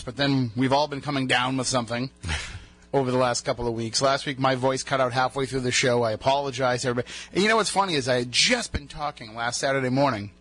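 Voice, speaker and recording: A man's voice: medium pitch, fairly bright tone. New guy hosting a radio show, chatty, rambles through stories, voice still a bit worn. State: recovering from a lost voice. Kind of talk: casual radio banter.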